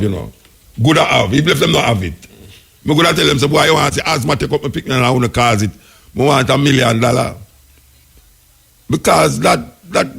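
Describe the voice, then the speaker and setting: A Jamaican man hosting a radio talk show, musing in patois-laced commentary, his pitch jumping up when he is incredulous. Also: vocal fry, breathy edge. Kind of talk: spoken commentary.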